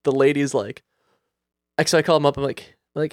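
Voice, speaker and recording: Animated higher-voiced man telling a story. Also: quick pace, no room sound, studio quality. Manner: animated, acts out quoted dialogue. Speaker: guest storyteller. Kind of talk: casual podcast chat.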